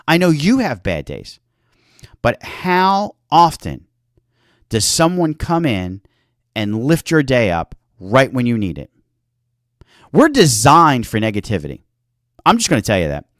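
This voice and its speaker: An earnest male health-show host gives a motivational talk, his pitch swinging up and down in a lively way. He slips into little acted-out exchanges as he talks. The sound is dry and close, with no room echo. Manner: earnest, animated, acts out little quoted exchanges.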